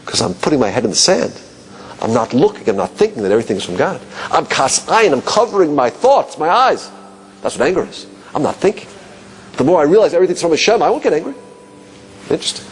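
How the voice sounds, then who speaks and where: A man teaching a class, asking rhetorical questions and musing aloud, dropping low and quiet on key points. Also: a little hiss or hum. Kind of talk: classroom lecture.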